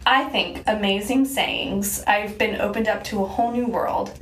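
A woman's voice: medium pitch, steady tone, normal speed, roomy sound, distant mic, slight background noise. A woman co-hosting a casual chat, curious and full of questions about expressions. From US West Coast. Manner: curious, asks many questions. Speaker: podcast co-host.

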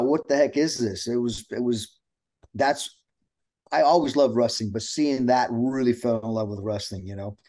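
Middle-aged guy, warm mellow voice, tells stories all lively, plays out the quotes. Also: mid-range voice, vocal fry. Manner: animated storyteller acting out quotes. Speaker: guest, pro wrestler. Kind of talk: casual chat.

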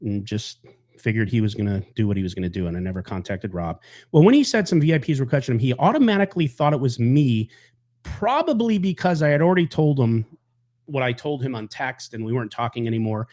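A podcast host delivers a casual monologue, telling a story bluntly and angrily, rambling and swearing heavily. His medium-pitched voice is fast, sing-song and a little mellow.

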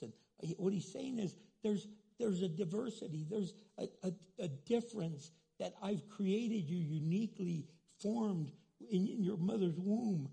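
Male pastor for a church sermon: high, gravelly, husky, dark tone, restarts often. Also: expressive, a little slow, hardly any pauses. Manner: preaching with many restarts and quoted asides.

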